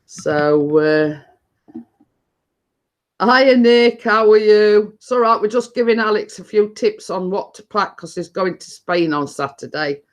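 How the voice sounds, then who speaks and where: A woman's voice: medium pitch, lively intonation, unhurried. A middle-aged woman talks casually to her viewers, reading names from the chat. She laughs often and trips over her words, restarting her sentences as she goes. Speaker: live stream host reading chat.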